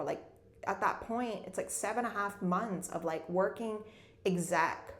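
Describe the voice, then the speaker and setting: A woman's voice: medium pitch, unhurried, echoey room. Rambling woman telling a personal story. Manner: rambling, fills nearly every phrase with "like". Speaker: debut novelist and former corporate executive. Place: her home in Munich.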